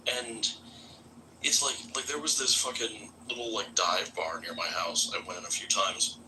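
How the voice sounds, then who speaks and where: A man from Florida with a sharp, very bright tone talks loosely on a live stream, dropping swear words and fillers. His voice sits somewhat low, with faint noise behind it. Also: steady tone, moderate pace, rough recording. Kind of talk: casual live-stream chat.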